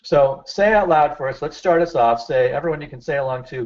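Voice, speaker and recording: A man's voice: on the high side, brisk, lo-fi sound. A man presenting a therapy webinar, coaching listeners and stressing key phrases. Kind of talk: instructional webinar talk.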